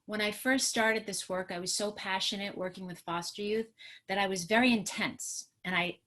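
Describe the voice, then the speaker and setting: Brief: middle-aged woman from New York, trauma therapist explaining parenting tools on a video call, earnest and warm-paced. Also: medium pitch, fairly even intonation, moderate pace. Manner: earnest, teaching, talks with her hands. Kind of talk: educational webinar talk.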